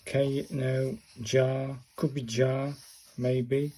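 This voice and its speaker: An unhurried man talks through a casual home tutorial, questioning himself aloud and addressing his viewers. His voice is mellow and mid-pitched. A faint hiss of noise sits under the recording. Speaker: vlogger learning calligraphy.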